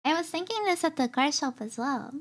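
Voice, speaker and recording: A young woman streamer reading a visual novel aloud in a soft, hesitant way, with filler sounds between lines. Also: sits high, expressive, brisk. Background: faint game music.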